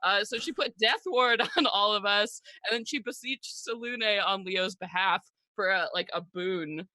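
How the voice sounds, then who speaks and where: A woman with a bright, ringing voice tells what happened last session in a loose, giggling ramble. Her words come out dry and close, with no room around them. She keeps dropping "like" and "uh" as she goes. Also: medium pitch, unhurried, dry recording, low-quality recording. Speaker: player recapping the last session. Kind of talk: casual recap of a tabletop game.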